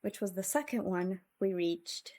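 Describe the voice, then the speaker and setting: A woman's voice: mid-range voice, unhurried, warm tone, slight background noise. A woman streamer chatting with her viewers in a casual, emotional and reflective way, often sighing.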